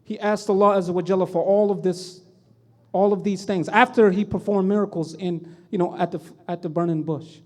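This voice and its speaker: High-voiced male speaker, impassioned storytelling talk, loud emphatic surges. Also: steady tone, a little fast. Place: event hall.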